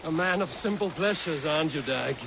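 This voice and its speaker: A watchful Viking warrior. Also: male voice, on the high side, a little fast, creaky. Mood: wry, wary. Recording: muffled game audio with boat and water noise.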